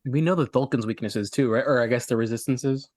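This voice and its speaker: A man playing a tabletop game, thinking out loud in a hesitant, rambling way. The recording is close and dry, with no room sound. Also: medium pitch, brisk, no room sound. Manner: hesitant, thinking aloud with lots of "like". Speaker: player. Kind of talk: casual tabletop game talk.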